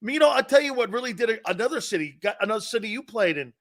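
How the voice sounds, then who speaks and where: A man's voice: sits high, expressive, rapid-fire. A man hosting a sports talk show, brash and mocking, laughing at his own jokes.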